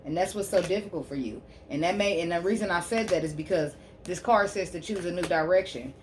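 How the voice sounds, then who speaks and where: A woman giving a tarot reading on her channel, preaching fervently to her listeners and softly repeating prayerful invocations as she draws cards. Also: deep voice, slight background noise. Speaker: spiritual healer and tarot reader.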